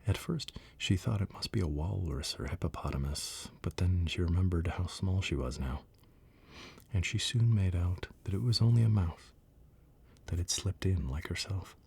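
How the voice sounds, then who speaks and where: A man whispering a bedtime storybook in slow, hushed whispered role-play. His voice sits low, with a gravelly fry and a heavily breathy, husky grain. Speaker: ASMR storyteller.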